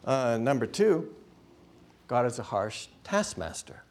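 A middle-aged man preaching a sermon in an animated way, acting out voices. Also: medium pitch, slow.

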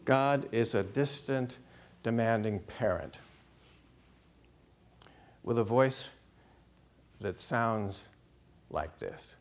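A middle-aged man preaching a sermon in an animated way, acting out voices. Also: mid-range voice, extremely slow, long pauses.

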